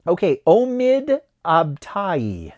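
Chatty podcast host with a lively voice. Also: male voice, high voice, slow pace, dull audio. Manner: chatty, reads names off a list and looks them up. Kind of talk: casual chat.

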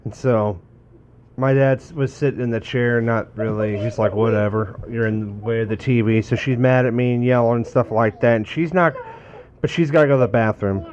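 A man's voice: medium pitch, moderate pace, a little mellow, dull audio. A man chatting casually with friends, rambling and profane, laughing through his own stories. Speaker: storyteller among friends. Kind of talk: casual chat.

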